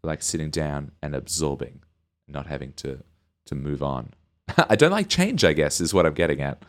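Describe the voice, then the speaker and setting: Deep-voiced giggly man rambling on a podcast. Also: big pitch swings, moderate pace. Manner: giggly, rambling, laughs often. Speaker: podcast co-host. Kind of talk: casual comedic chat.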